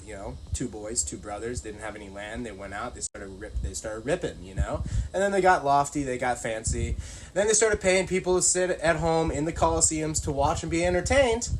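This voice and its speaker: A man's voice: on the high side, a bit bright, a little hiss or hum, poor audio. A middle-aged man hosting his own channel, talking casually in a loose, rambling monologue full of fillers. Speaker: channel host.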